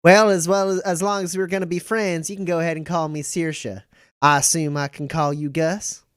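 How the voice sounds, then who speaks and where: A flirtatious middle-aged woman pub owner teases in a coy, drawling voice, as a man puts her on. Her voice is pitched up high and comes out smooth and clear, recorded close with no room sound. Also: flat delivery, moderate pace, no echo, lightly acted. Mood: friendly.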